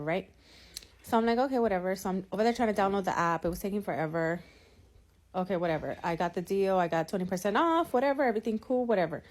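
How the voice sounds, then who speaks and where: A mother telling an animated, profanity-filled story about her day, rambling with lots of fillers like "whatever" and "you know.". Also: medium pitch, fast. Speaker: mother venting in a clip. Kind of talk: ranting storytime. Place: California.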